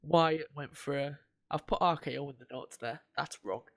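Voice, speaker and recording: A man's voice: fairly high pitch, moderate pace, gravelly, fairly bright tone. Rambling guy recapping, swearing. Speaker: podcast co-host. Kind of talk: casual chat.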